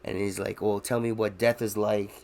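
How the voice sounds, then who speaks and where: A man's voice: on the low side, little pitch movement, normal speed, vocal fry, a little mellow. A man co-hosting a casual podcast chat, rambling, swearing freely and laughing often. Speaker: podcast co-host.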